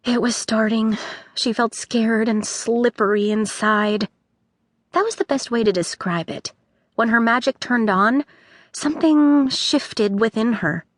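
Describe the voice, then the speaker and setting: A woman narrating a children's audiobook with expressive storytelling. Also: a little high, a little slow, no room sound, clean studio sound.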